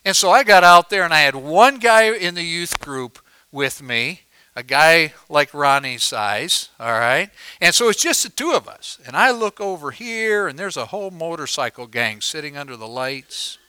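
A male pastor telling a story in a sermon, animated and acting out the voices of people he quotes, on a worn microphone in a church. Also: on the high side, moderate pace, smooth, no echo, poor audio.

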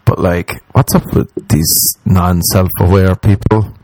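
A man's voice: deep voice, fairly even intonation, a little slow, darkish tone. A man, a comedian ranting in a profane, exasperated way and mimicking the people he talks about. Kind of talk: rambling comic rant.

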